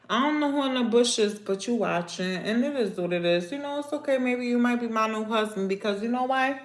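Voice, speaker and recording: A young adult woman, hosting a casual livestream and ranting to her viewers in a sassy, animated way. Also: fairly high pitch. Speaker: livestream host. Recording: echoey room.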